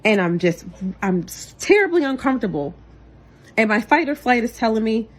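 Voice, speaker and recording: A young adult woman giving an emotional personal testimony to camera, earnest and intense, swinging between loud outbursts and quiet low passages. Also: big pitch swings, normal speed. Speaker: vlogger and single mother.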